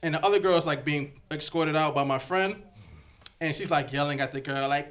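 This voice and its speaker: Young man, stand-up comedian, conversational, high pitch, bright tone. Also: moderate pace. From Connecticut, USA. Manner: loose, conversational, slips into character voices for quoted people.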